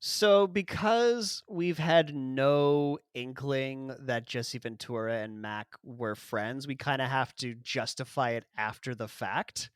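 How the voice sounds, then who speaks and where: A man hosting a casual film-review podcast, talking in a wry, jokey way with quick asides and frequent laughs. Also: mid-range voice, clean tone, dry recording, studio quality. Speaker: podcast host.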